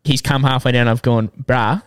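Australian bloke in his twenties, podcast co-host, mid-pitched, spins animated yarns full of swearing. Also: brisk. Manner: swears freely, animated anecdotes with acted quotes. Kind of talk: casual storytelling chat.

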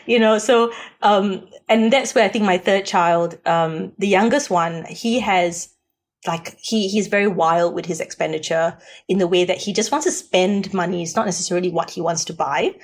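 A middle-aged woman, a financial adviser chatting on a podcast in an animated, talkative way. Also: lowish voice, moderate pace. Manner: animated and talkative, often laughing. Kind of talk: casual podcast conversation.

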